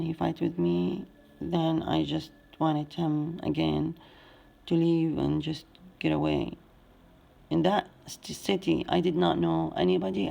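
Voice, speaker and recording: Arabic-accented woman, 40s, very gravelly mellow voice, soft music under her story. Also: low-pitched. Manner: plain, halting non-native English. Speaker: survivor telling her story. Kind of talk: personal testimony.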